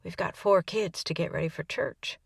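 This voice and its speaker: A woman narrator voicing a passionate young woman, speaking softly and breathlessly. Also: on the low side, steady tone, normal speed, creaky, husky, dry recording, studio quality, recorded from a distance. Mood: intimate.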